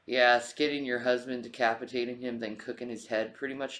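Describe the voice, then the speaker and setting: A male streamer chatting casually on a livestream at home, often slipping into soft baby talk to his pet cat. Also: medium pitch, level tone, fairly quick, hardly any pauses, poor audio.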